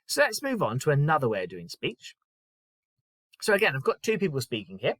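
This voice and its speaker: A man teaching young pupils, explaining step by step with clear, patient phrasing. His voice is bright and sharp, and it rises and falls a lot as he stresses key words. The sound is close and dry. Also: a little high, wildly swooping pitch, fairly quick, dry recording. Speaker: primary school teacher. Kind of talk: recorded lesson.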